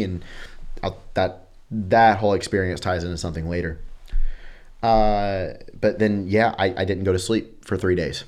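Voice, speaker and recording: A man's voice: low voice, normal speed, darkish tone. A man in his thirties, a podcast guest telling a personal story candidly, acting out quotes and swearing casually.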